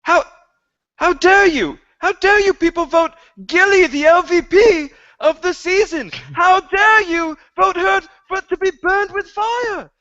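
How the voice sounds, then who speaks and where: A man putting on a high, wailing voice as a heartbroken young man, outraged and upset. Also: a little slow, sharp tone, dry recording, heavily acted. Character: distraught young man, a fan's lover. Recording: dull lo-fi podcast audio.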